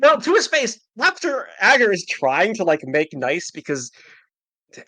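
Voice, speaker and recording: A man co-hosting a podcast, talking about comics in an animated, sarcastic way with lots of "like.". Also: high voice, a little slow, no echo. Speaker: podcast co-host. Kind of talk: casual comic book discussion.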